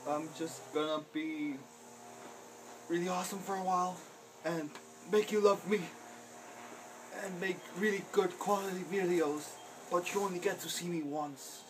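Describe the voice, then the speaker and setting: A young man voicing a brash, boastful male substitute vlogger who talks loudly and quickly with a show-off attitude. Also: high-pitched, steady tone, noisy background, voice pushed up, natural voice. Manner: loud, quick, show-offy.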